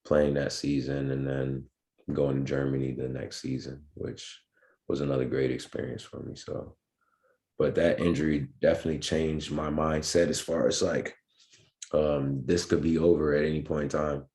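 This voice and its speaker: A man's voice: a bass voice, little pitch movement, moderate pace, darkish tone. A young man, a pro basketball player, tells his story as a podcast guest in a laid-back way, with many ums and restarts. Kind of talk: casual interview storytelling.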